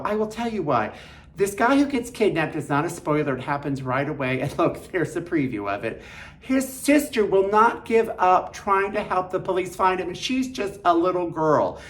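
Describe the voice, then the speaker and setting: A woman hosting a show of film recommendations, chatty and enthusiastic, with jokey asides. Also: sits low. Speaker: film reviewer host.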